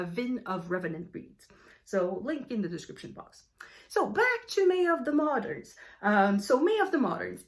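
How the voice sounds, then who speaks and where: A woman with a French accent chatting casually about her reading plans, a little out of breath, often correcting herself and filling pauses with ums. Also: fairly high pitch. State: slightly out of breath. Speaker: book vlogger. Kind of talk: casual book chat to camera.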